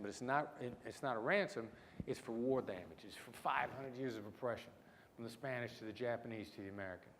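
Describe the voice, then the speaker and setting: A middle-aged man with a mix of small-town Midwestern and New York City accent, giving a punchy keynote with dramatic pauses. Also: mid-range voice. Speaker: keynote speaker, negotiation expert. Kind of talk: conference keynote storytelling. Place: large lecture hall. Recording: hall reverb, faint room noise.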